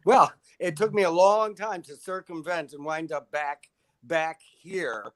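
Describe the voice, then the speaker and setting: A man's voice: fairly high pitch, unhurried. A middle-aged man from upstate New York, chatting as a guest. He tells his stories with flair and acts out the voices of the people in them. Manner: animated storyteller who acts out the people he quotes. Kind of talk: casual interview chat.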